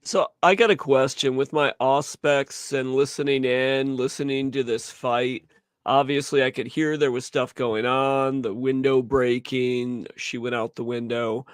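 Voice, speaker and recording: A man playing a tabletop game, asking questions in a deliberate way. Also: mid-range voice, fairly even intonation, smooth, no echo, studio quality. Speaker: player.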